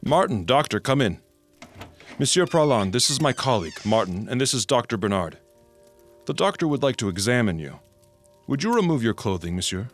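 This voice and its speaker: An actor playing a police detective who questions a suspect with pointed, insinuating questions and dry irony in a true-crime reenactment. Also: male voice, medium pitch, sing-song, a little fast, faint music behind. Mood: formal.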